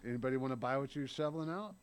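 A man's voice: medium pitch, racing, a little hiss or hum. A man in his thirties giving an earnest, blunt personal recovery share at a meeting, often tagging his lines with "right?" and swearing now and then. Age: 30s.

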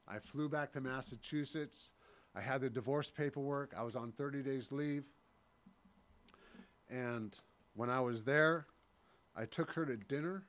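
A man in his thirties giving an earnest, blunt personal recovery share at a meeting, often tagging his lines with "right?" and swearing now and then. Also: mid-range voice. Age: 30s.

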